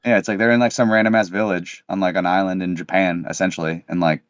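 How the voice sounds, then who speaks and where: A man's voice: low-pitched, steady tone, fast, dry recording, studio quality. A man co-hosting a podcast, talking casually in a loose, rambling way full of fillers. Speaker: podcast co-host.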